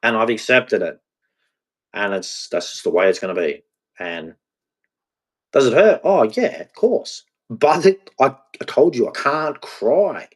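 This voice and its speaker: A man in a confessional vlog monologue, speaking in a halting, repetitive way and swearing freely. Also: medium pitch, lively intonation. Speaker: vlogger.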